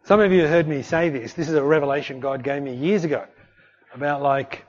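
A man preaching a sermon in a conversational, animated way, acting out little voices in his stories. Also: a little high, fairly quick. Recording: dull lo-fi recording.

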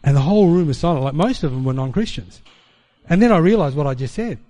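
A man preaching, telling a personal testimony as an animated storyteller who acts out the dialogue. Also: fairly high pitch, fast talker.

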